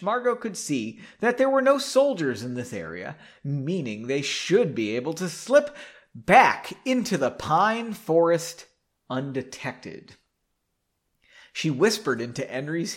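A podcast host reads a story aloud in a comic style and keeps breaking in with sarcastic jokes. His voice sits fairly high for a man. Its pitch bounces widely. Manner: sarcastic, mocking interruptions. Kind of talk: comic reading with asides.

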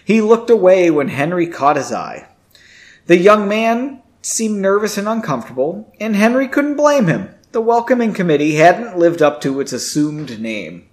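A man reading a fantasy story aloud in an easygoing, home-made style. His voice is lively and animated, sitting slightly high. He breaks off now and then to joke about the text. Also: normal speed. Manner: chatty, self-mocking asides. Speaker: amateur audiobook reader. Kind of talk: casual reading aloud with asides.

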